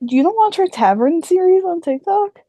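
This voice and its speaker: A woman's voice: extremely high pitch, sing-song, brisk, mellow. A young woman co-hosting a podcast, bubbly and chatty in casual conversation. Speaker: podcast co-host. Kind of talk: casual chat.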